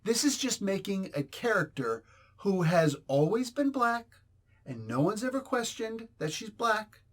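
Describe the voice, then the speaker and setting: A man reviews a comic book in a blunt, rambling, exasperated rant. His voice sits slightly high for a man. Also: sing-song, a little slow, a bit bright. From New Jersey, US. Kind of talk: casual ranting review.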